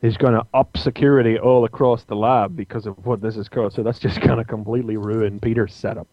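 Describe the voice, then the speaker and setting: A man's voice: on the low side, steady tone, no echo, muffled recording. A man co-hosting a casual podcast, talkative and opinionated about what he reviews. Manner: talkative, opinionated, quick asides. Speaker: podcast co-host, comics reviewer.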